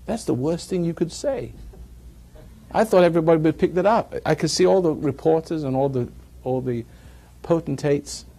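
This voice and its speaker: Gravelly, husky-voiced man lecturing. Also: on the high side, normal speed, warm tone. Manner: chuckles at his own jokes, digressive storytelling. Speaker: speaker giving a talk. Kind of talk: rambling lecture to a live audience. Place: evening gathering with an audience.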